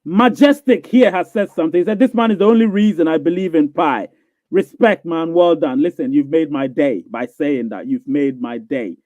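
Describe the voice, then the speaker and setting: A man hosts a live question-and-answer stream, his voice a little high and darkish, at normal speed. He goes through viewer comments and replies forcefully, repeating himself and asking if listeners follow him with "you get what I'm saying?" The sound is dry and phone-thin.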